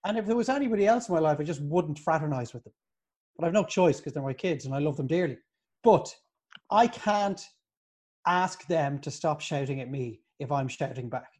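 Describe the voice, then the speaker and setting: Man, podcast co-host, earnest, slightly high voice. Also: animated, moderate pace, darkish tone. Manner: earnest, explains his views. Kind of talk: casual chat.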